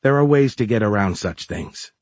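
A man's voice: lowish voice, animated, normal speed, no echo, close to an everyday voice. A man voicing a blunt, scornful woman. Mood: dry. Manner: sharp, challenging retorts.

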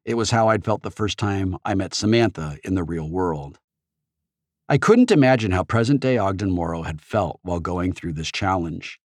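Guy reading an audiobook, lowish voice, swoops around a lot, bone dry close mic. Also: normal speed, dry recording. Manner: expressive storytelling. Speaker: audiobook narrator. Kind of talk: scripted first-person narration.

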